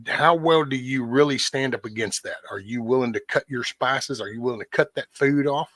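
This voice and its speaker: A man's voice: medium pitch, normal speed, fairly bright tone, no echo. A man hosting a casual livestream, ranting bluntly with lots of swearing and answering viewers' chat by name. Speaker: livestream host.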